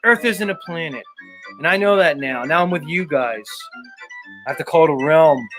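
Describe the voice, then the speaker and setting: A man hosts his livestream show in a loose, sarcastic rant, swearing freely and playing up his exasperation. His voice sits fairly high for a man. Music plays clearly behind him. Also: animated, normal speed, fairly bright tone. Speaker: show host.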